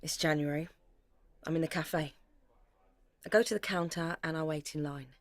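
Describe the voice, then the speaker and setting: An actress playing a low-voiced searching daughter. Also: female voice, steady tone, normal speed, dry recording, natural voice. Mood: earnest. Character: young British woman, daughter searching family history. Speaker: narrator. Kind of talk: present-tense dramatic narration.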